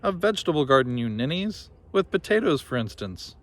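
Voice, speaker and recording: A man's voice: very animated, fairly quick. A man voicing a bossy, no-nonsense giant housewife in a raised, scolding voice for a storybook reading. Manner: scolding, high put-on voice.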